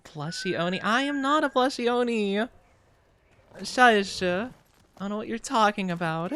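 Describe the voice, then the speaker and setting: A man's voice: sits high, expressive, unhurried, bright, forceful tone, clean tone. A young man streaming a game, chatting with his viewers and playfully denying their teasing. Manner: playfully defensive, teasing denials to chat.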